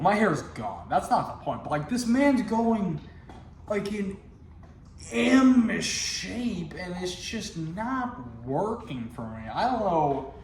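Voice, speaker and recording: In his own video show, a man riffs and jokes straight to his viewers in casual comedic commentary. His voice is fairly high, and the recording has an echoey room with a little hiss or hum.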